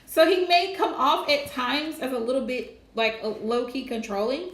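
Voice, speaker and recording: A woman's voice: sits high, moderate pace, echoey room. A woman doing a live tarot reading, chatty and casual, laughing often. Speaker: tarot reader.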